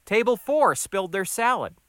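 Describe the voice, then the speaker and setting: A man's voice: on the high side, very animated, moderate pace, sharp tone, dry recording. A man voicing a smart-mouthed, stocky new cook near forty who stays unflustered. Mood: defensive. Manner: unflustered, dry wisecracks.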